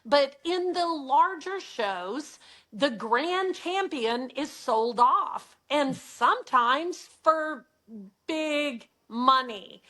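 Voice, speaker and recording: Slow-spoken woman rancher. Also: high-pitched, lively intonation, sharp tone. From Texas. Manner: measured, explanatory. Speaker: rancher and podcast guest. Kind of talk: casual interview chat.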